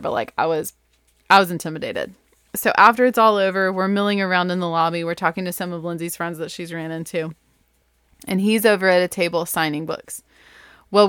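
A woman's voice: on the low side, clear, resonant tone, dry recording, studio quality. A woman telling a personal story in a casual, chatty monologue, full of "like" and "you know" and laughing at herself. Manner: chatty and animated, heavy on fillers like "like" and "you know"; self-deprecating, laughs at her own story.

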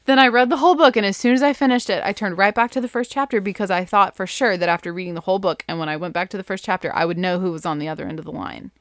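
A woman with a medium-pitched voice races through a personal story with hardly any pauses, recorded in studio quality with no room sound. She's casual and animated, leans heavily on "like" and "you know," and pokes fun at herself, laughing at her own tale.

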